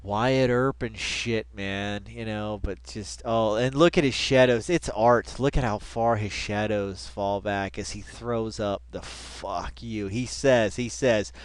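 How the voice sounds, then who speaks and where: A man's voice: on the low side, slow pace, few pauses, clean tone. A man hosting a reaction video, talking in a casual, rambling, profane way full of slang.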